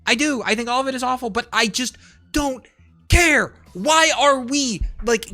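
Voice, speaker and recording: A man's voice: very high-pitched, sharp tone. A man livestreaming, ranting about politics in a profane, heated, rambling way. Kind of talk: casual political rant while gaming.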